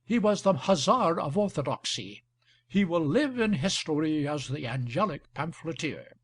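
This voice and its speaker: A man reading the part of a scheming older marquis with gout, speaking in an ironic, flattering way. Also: a little high, moderate pace, exaggerated voice. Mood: wry. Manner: ironic, flattering, smooth talker.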